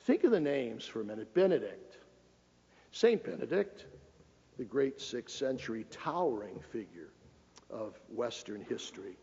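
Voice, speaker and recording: A man's voice: medium pitch, vocal fry, darkish tone, breathy edge. A man giving a public lecture as a cardinal, folksy and emphatic, joking with the audience. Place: lecture hall. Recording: lo-fi recording with long hall reverb.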